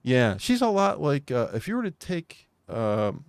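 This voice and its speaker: A man's voice: mid-range voice, sing-song, a little slow, clear, resonant tone, dry recording. An American man co-hosting a podcast, chatting casually and rambling with restarts. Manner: rambling, repeats himself. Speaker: podcast co-host. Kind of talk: casual chat.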